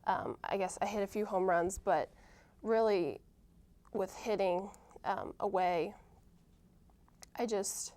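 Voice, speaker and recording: A young adult woman who plays college softball answers interview questions casually in a medium-pitched voice. She sounds hesitant, with frequent ums, pauses, and restarted sentences.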